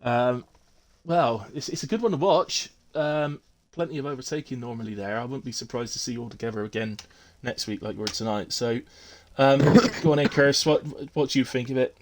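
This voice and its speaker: A man's voice: medium pitch, fairly quick, few pauses, a little hiss or hum. A man hosting a casual post-race chat on his live stream, chatty and teasing, with lots of fillers. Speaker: streamer hosting a sim racing league.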